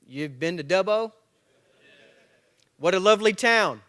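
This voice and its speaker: A man's voice: high voice, a little slow, smooth. A man in his forties giving a motivational talk as a guest speaker at a church men's breakfast, telling stories, acting out dialogue and joking at his own expense. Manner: lively storyteller acting out dialogue; jokey, self-mocking.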